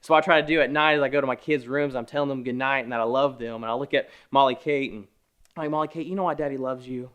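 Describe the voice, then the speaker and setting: A man in his thirties preaching a conversational sermon, with joking asides, who swings between hushed and emphatic. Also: mid-range voice, steady tone, fast, smooth. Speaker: pastor. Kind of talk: online sermon.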